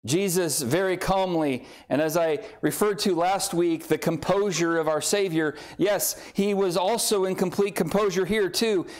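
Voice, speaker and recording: Middle-aged male preacher, higher-pitched voice, sermon delivery, acts out characters as he tells the story. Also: normal speed, few pauses.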